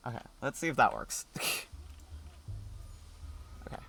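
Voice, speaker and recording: A man's voice: a little slow, bright, forceful tone, a little hiss or hum. A man streaming a game, chatting casually, laughing often and reading the game's dialogue aloud in playful voices.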